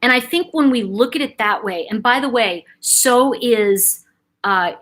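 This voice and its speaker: Female host, casual monologue; digressive storyteller, bright and forceful. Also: a little high, measured pace. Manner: chatty, digressive, storytelling with quoted asides. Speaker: host, spiritual teacher.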